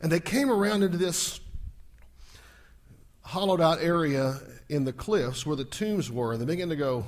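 Animated high-voiced male pastor preaching. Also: normal speed, pauses often. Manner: animated storytelling with rhetorical questions to the congregation; acts out scenes, shouting at peaks. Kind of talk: sermon.

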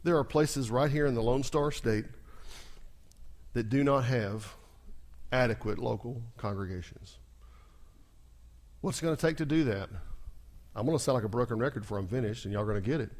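Pastor preaching call-and-response. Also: male voice, mid-range voice, moderate pace, pauses often. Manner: swings between soft asides and loud, rising exclamations. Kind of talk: sermon.

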